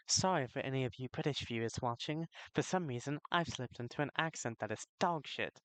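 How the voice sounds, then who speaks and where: A man's voice: mid-range voice, brisk, few pauses, a bit bright. A man streaming a game, reading its dialogue aloud and chatting casually with viewers, swearing and giggling. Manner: giggly, swears, talks to chat.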